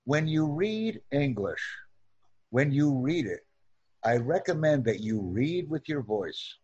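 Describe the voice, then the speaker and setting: A man teaching an online English lesson, speaking in slow, deliberate drills and repeating sentences for practice. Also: medium pitch, sing-song, a little mellow, slightly rough, highs cut off.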